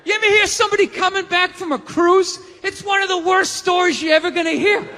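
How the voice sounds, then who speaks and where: A man's voice: very high voice, steady tone, brisk, sharp tone, some chatter behind, a little hiss or hum. A stand-up comedian, a man ranting emphatically with profanity on stage. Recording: reverberant hall with audience.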